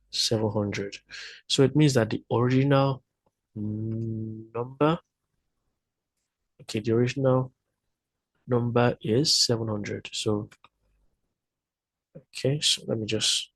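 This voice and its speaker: Husky man working through sums. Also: mid-range voice, no echo, rough recording. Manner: thinking aloud, hesitant, self-correcting. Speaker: math tutor. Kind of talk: explaining math problems step by step.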